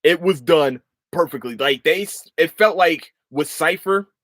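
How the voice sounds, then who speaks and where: A man's voice: fairly high pitch, unhurried, no echo. A man hosting a podcast, chatting casually and rambling, swearing often and restarting his sentences. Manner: animated, profane, rambling with restarts. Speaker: podcast host.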